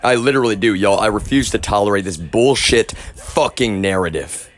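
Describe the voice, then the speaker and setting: A man's voice: fairly low pitch, moderate pace, a bit bright. A man streaming live, ranting angrily in a profane way and saying "y'all" often. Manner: angry, profane, repeats "y'all". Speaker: livestreamer.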